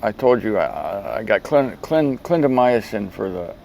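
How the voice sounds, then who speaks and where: Low-voiced man chatting to camera. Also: very animated, unhurried, vocal fry, darkish tone, a little hiss or hum, poor audio. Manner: rambling, chatty storytelling with frequent restarts. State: speech thickened by a swollen tongue. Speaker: video show host. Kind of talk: casual video monologue.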